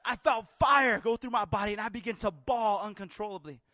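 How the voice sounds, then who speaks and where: A man from California telling his conversion story as a sermon, slangy and casual at first, then rising into loud, fervent preaching. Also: high voice, a little fast, dry recording. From California, USA. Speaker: preacher giving his testimony. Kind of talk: sermon testimony.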